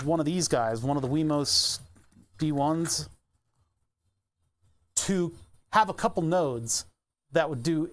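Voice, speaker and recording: A man streaming live, chatting casually and thinking aloud as he pedals an exercise bike, laughing often. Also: on the high side. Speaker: Twitch streamer.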